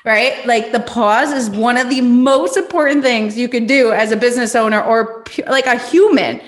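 A woman's voice: fairly high pitch, normal speed. A woman hosting a business conversation, talking casually and acting out her own reactions. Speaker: podcast host.

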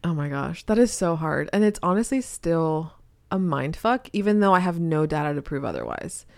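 A woman's voice: sits low, very animated, normal speed, gravelly, darkish tone, no room sound, clean studio sound. A woman co-hosting a podcast, a new mother, talking candidly and animatedly in casual chat. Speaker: podcast co-host.

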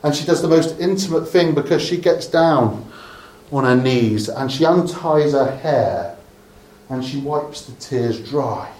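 This Dorset preacher speaks a little slowly in a mid-range voice, delivering his sermon as chatty storytelling full of humorous asides. By the end he softens to a hush, and the room around him echoes.

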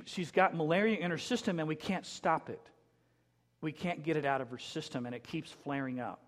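A middle-aged man preaching a sermon, telling a personal story with emotion and dropping to a hushed voice at tender moments. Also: on the high side, in a large hall. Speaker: pastor.

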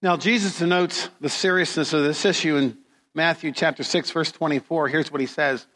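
Preaching in a steady, fairly high and bright voice, a middle-aged pastor gives his sermon at a slow, deliberate pace. He tells his stories with drama, and each phrase is followed by a long hall reverb.

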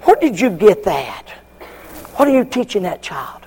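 High-pitched fiery older preacher. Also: male voice, very animated, a little slow, creaky, slightly rough. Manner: fiery, shouting, acts out congregants. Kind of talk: sermon.

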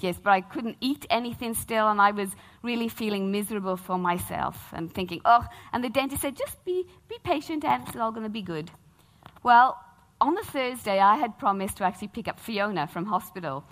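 A middle-aged woman, preaching a sermon as a lively, humorous personal story. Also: mid-range voice. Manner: animated, humorous storytelling with acted-out quotes.

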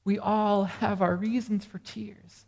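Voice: mid-range voice, little pitch movement, slow pace, darkish tone. A pastor delivering a morning sermon earnestly, asking the congregation rhetorical questions. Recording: reverberant hall sound.

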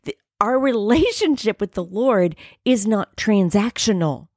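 A middle-aged woman from the United States hosting a faith podcast, telling a personal story earnestly and dropping to soft whispers at times. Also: medium pitch, expressive, a little slow, no echo, studio quality. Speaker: podcast host.

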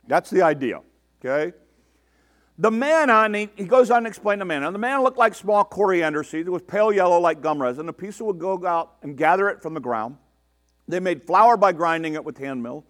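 A man with a high-pitched voice delivers a sermon, reading a scripture passage and pausing to explain it to his listeners. When he voices the complaints in the text, he acts them out with exasperation. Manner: reads scripture aloud and breaks in to explain it. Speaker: pastor.

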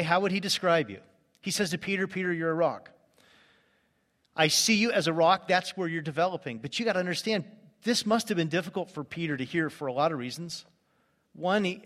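A man's voice: a little high, a bit bright. Man preaching in a reverberant hall. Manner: earnest, direct address with rhetorical questions. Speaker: pastor. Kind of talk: sermon.

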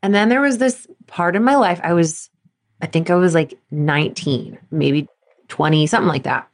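A woman's voice: fairly low pitch, normal speed. A woman in her thirties hosting a solo podcast, talking candidly to sports parents and acting out her younger self in quotes. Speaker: podcast host, performance coach.

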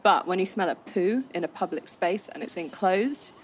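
A woman from London chats frankly and tells stories, breaking into laughter often. Her voice sits on the low side. A faint noise runs under the recording. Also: lively intonation, moderate pace. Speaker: podcast co-host. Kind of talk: casual chat, storytelling.

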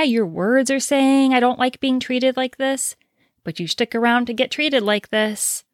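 A woman's voice: a little high, no echo, clean studio sound. A woman hosting a solo advice podcast, explaining her points directly and asking rhetorical questions. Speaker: podcast host.

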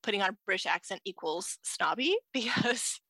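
A woman's voice: mid-range voice, expressive, moderate pace, bright, forceful tone, no room sound. A woman co-hosting a podcast in casual chat, talking chattily with many fillers and restarts. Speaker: podcast co-host.

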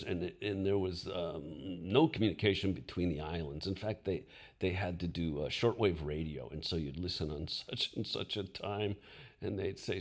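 A man's voice: sits low, vocal fry. An older man hosting a podcast, telling stories in a casual way and often laughing as he talks. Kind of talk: casual storytelling.

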